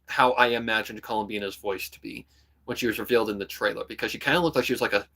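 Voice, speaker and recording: A young man streaming, chatting casually and rambling about voicing characters, often breaking into quick voice demos. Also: mid-range voice, steady tone, a bit bright. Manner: rambling, full of "kinda" and "like", jumps into voice demos. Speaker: streamer and hobby voice actor. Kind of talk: casual livestream chat.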